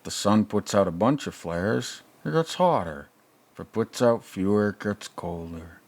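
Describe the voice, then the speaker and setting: A man's voice: lowish voice, animated, a little slow, darkish tone. A man playing a crude, rambling older male movie reviewer who mutters sarcastic asides in a comedic reaction commentary.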